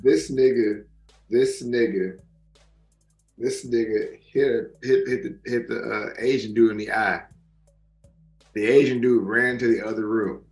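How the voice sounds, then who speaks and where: A man co-hosting a casual podcast chat, talking in an animated, profane way and laughing often. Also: medium pitch, unhurried, long pauses, roomy sound, faint music behind. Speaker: podcast co-host.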